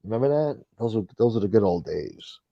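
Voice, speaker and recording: Speaking a little fast with lively intonation, this man has a lowish, creaky voice, recorded without echo and with the highs cut off. As host of a casual livestream, he's blunt and rambling, swears a lot, does impressions of others and reads viewer comments.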